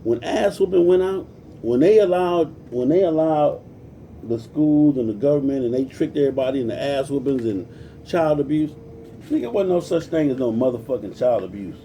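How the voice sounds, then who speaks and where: A man's voice: medium pitch, animated, normal speed, warm tone, far from the mic, slight background noise. A man in his forties from Compton, California, ranting in a casual livestream, cursing freely and greeting viewers by name as he preaches. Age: 40s. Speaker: livestream host.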